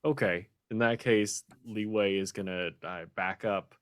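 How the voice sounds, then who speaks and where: Man, player, low voice, slow and easygoing. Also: fairly even intonation. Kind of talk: tabletop roleplay.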